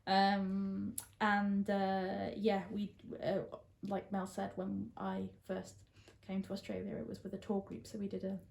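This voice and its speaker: A woman with an English accent chatting casually, laughing often and filling pauses with ums. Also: mid-range voice, monotone, creaky, a little mellow, roomy sound. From England. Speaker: guest. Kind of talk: casual chat.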